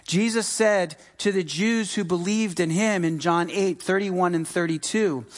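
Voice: medium pitch, a little slow. A middle-aged pastor from the United States giving a sermon in a conversational, emphatic way, repeating key phrases. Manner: conversational, with frequent fillers and restarts.

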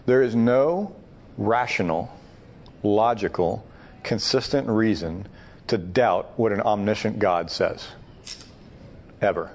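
A man's voice: on the low side, slow pace, long pauses, a little mellow. A man leading a Bible study discussion, talking emphatically and thinking aloud with frequent restarts. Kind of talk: teaching discussion.

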